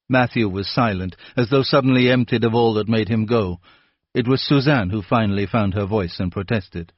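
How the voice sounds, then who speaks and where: Male narrator for a mystery audiobook, steady and unhurried, dull dry recording. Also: lowish voice, no echo. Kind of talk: scripted narration.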